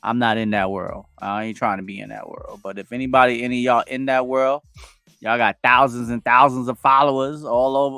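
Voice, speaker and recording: A man's voice: medium pitch, no echo. A man in his forties hosting a casual livestream, greeting viewers by name and reading their comments aloud with lots of energy. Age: 40s. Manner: animated, reads chat comments aloud, hypes viewers up. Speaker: livestream host. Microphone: home streaming setup with wired connection.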